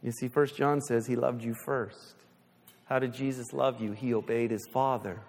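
A man preaching a sermon as pastor, animated, slipping into little voices, then easing into a quiet prayer. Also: mid-range voice, normal speed, vocal fry. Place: church sanctuary. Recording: long church reverb.

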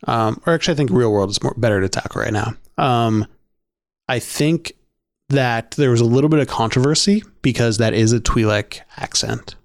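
A man co-hosts a podcast, chatting casually, laughing often, and filling his speech with "like" and "um." His mid-range voice is gravelly, captured in studio quality with no echo.

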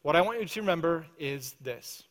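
A male pastor preaching a sermon, earnest, often dropping to a soft, intense prayer voice. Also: fairly high pitch, lively intonation, fairly quick. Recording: church hall reverb.

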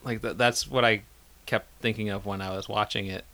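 A man's voice: fairly low pitch, fairly even intonation, fairly quick, sharp tone. A man co-hosting a podcast in laid-back, casual chat. He talks hesitantly and laughs often. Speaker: podcast co-host.

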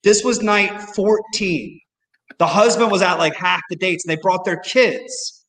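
High-voiced man telling a rambling story. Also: a little slow, long reverb tail, poor audio. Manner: rambling, animated storyteller with restarts. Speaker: comedy club owner. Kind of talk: casual storytelling.

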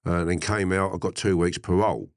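A middle-aged man, telling a story in an interview, animated, often laughing and swearing. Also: sits low, fairly quick, no echo, clean studio sound. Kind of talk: casual storytelling.

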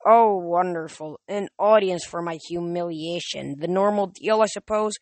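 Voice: mid-range voice, normal speed, no echo, close to an everyday voice. A reader voicing a grumpy, wily old male sea spirit with a wailing, self-pitying manner in a storybook reading. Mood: grumbling. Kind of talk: audiobook reading.

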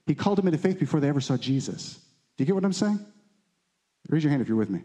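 Mellow-voiced man teaching a Bible study. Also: on the high side, very animated, racing. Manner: conversational, asks the room questions, reads scripture aloud. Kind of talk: teaching sermon.

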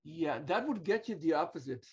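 A husky man from Israel co-hosts a casual wrestling podcast, his pitch moving a lot. He stammers now and then and slips in dry jokes. His mic sounds dull and lo-fi. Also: lively intonation, brisk. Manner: hesitant, stammering, dry quips. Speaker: podcast co-host. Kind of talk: casual wrestling review chat.

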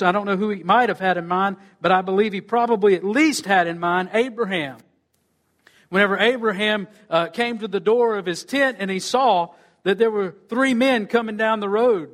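Pastor, high-pitched male voice, preaching with dramatic dips and rises. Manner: preaching with wide swings in pitch and loudness, dropping low and quiet at phrase ends. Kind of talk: sermon.

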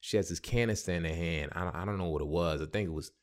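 A man hosting a podcast and telling a comedic story in an animated, slangy way, often breaking into silly sound effects. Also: deep voice, fast talker. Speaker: podcast host.

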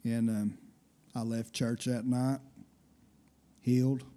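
A man sharing a personal healing testimony as a guest, speaking in a halting, casual way. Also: mid-range voice, level tone, dark tone. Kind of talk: casual storytelling.

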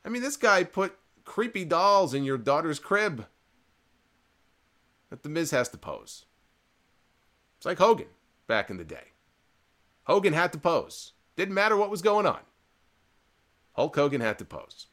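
A man's voice: fairly high pitch, sing-song, unhurried, pauses often, a bit bright. A man hosting a live-streamed wrestling recap, talking in an opinionated, sarcastic and rambling way. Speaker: wrestling show host.

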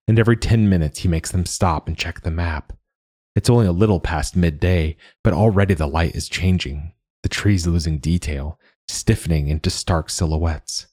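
A man narrating a novel as an audiobook in a measured, even storytelling manner. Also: deep voice, no room sound, clean studio sound.

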